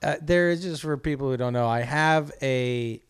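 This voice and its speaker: A man's voice: mid-range voice, normal speed, clear, resonant tone. A man hosting a casual family podcast chat, chatty and teasing, often restarting his sentences. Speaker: podcast host.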